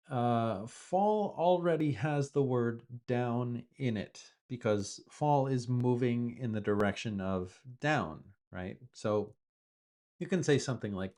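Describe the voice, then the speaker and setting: With a medium-pitched, darkish voice, a man who is a native speaker explains English word use from news stories, patiently offering repeated examples.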